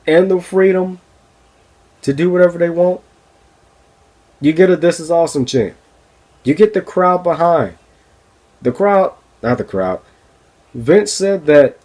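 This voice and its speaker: Brief: male podcast host, fairly high voice, swears freely, exasperated, casual review rant. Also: darkish tone. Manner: profane, exasperated, laughs often.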